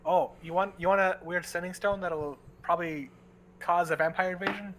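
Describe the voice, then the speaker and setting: A man's voice: high voice, steady tone, moderate pace, fairly bright tone, low-quality recording. A man playing in a tabletop game, firing off eager, playful questions. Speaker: player. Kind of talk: casual tabletop game chat.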